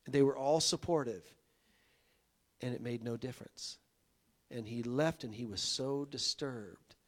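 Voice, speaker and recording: Male pastor, conversational sermon storyteller, mid-pitched, climbs to forceful emphatic lines. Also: measured pace. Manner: folksy, builds to emphatic peaks.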